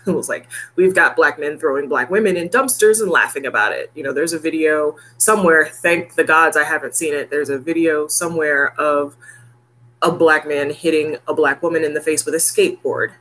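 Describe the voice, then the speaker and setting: A woman's voice: low voice, normal speed, fairly bright tone. A woman in her thirties talking casually and heartfelt to her viewers, laughing often. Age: 30s. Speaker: vlogger. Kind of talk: casual chat to camera.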